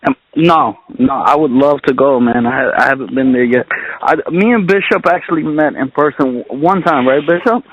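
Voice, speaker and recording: A man's voice: medium pitch, normal speed, slight background noise, rough recording. A man calling into a radio show, bantering playfully with the guest. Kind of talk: casual radio call-in chat.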